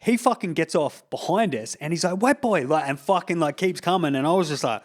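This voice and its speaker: A man's voice: on the high side, lively intonation, brisk. An Australian man hosting a podcast, chatting casually and rambling through stories with lots of swearing and fillers. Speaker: podcast host. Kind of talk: casual chat.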